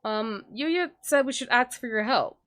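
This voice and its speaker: A woman's voice: on the high side, unhurried, a bit bright, pitched above the performer's own voice. A woman voicing a polite, eager young male student in a game, speaking in an apologetic way over music. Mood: earnest.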